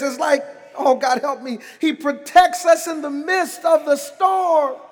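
Man, pastor, high voice, slow deliberate sermon, shouted emphasis, long hall reverb. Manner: preaching, with shouted emphasis and humorous asides. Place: church sanctuary.

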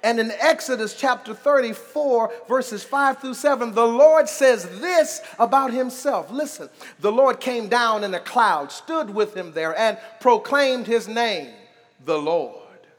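High-voiced man preaching in an echoing hall. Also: expressive, measured pace. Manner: preaching, with shouted emphasis and humorous asides. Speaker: pastor. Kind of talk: sermon. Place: church sanctuary. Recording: long reverb of a large hall.

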